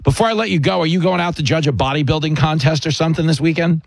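A man's voice: on the high side, quick pace, gravelly, no room sound, clean studio sound. A man hosting a radio talk show, joking and telling stories about himself. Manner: joking, self-mocking, animated storytelling. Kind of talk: casual radio chat.

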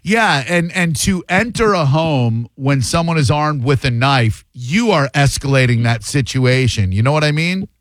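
A male call-in radio host, opinionated and emphatic, who breaks into jokes between his points. His voice sits a little higher than most men's. The sound is dry and close, with no room around it. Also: animated, moderate pace, hardly any pauses, no room sound, poor audio. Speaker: radio talk show host.

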